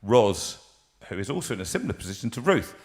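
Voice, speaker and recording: A fairly low-pitched man in his sixties chats loosely and jokily as the host of a live show. He wanders off mid-sentence, fills gaps with ums and restarts himself. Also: very animated, quick pace. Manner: rambling, jokey, full of ums and restarts. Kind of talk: casual live show chat. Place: home studio.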